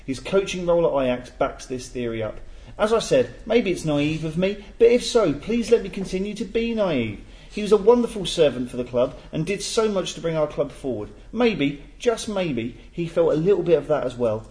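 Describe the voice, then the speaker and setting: A man's voice: a little high, very animated, brisk, a little mellow. Jokey man hosting a panel. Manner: jokey, stumbles and laughs while reading. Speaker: podcast host. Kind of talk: casual chat, reading out listener email.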